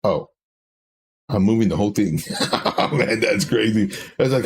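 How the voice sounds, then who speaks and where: A man's voice: fairly low pitch, expressive, normal speed, a little mellow. Casting: man, trading-stream host, loose rambling storyteller, casual chat at the desk. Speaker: crypto trading educator.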